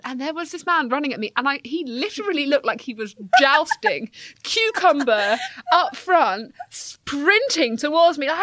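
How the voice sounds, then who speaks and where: A young woman co-hosting a podcast, telling a story in a casual, animated, self-mocking way and swearing freely. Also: high voice, brisk, no echo. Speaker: podcast co-host.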